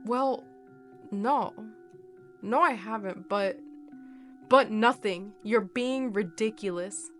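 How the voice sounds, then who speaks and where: A woman's voice: mid-range voice, slow pace, pauses often, soft background music, close to an everyday voice. A woman voicing a firm young group leader who speaks with command and scolds a friend. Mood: firm, scolding.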